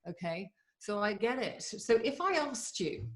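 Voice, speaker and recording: Forties woman, motivational speaker on a video call, chatty, eager and fast in spurts. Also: on the high side, animated. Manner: eager and chatty, with quick bursts and laughs. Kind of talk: live online motivational talk.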